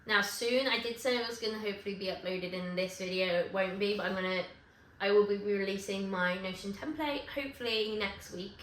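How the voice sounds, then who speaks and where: A woman vlogging to camera in casual chat, rambling and correcting herself with quick asides. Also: mid-range voice, fairly even intonation, slight background noise. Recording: echoey room with faint ambience.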